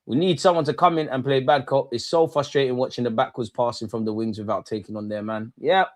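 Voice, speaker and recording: Talking fast in a steady tone, the watchalong host reacts to the live game and fires back at his chat. He swears heavily, casual but full of high-pitched outrage.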